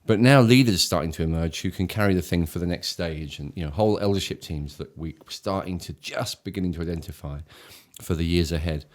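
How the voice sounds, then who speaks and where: Talking a little fast with few pauses, an English church leader with a low voice co-hosts a casual talk show. He is enthusiastic but keeps restarting sentences as he hunts for words.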